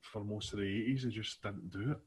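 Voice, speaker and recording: A man's voice: fairly low pitch, steady tone, a little fast, darkish tone, a little hiss or hum. A man co-hosting a casual music podcast, laid-back and often trailing off.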